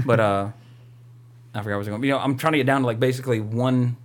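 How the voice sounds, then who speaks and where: A man's voice: medium pitch, fairly even intonation, quick pace. A man co-hosting a podcast, chatting casually and rambling with lots of filler words. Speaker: podcast co-host. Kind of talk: casual chat.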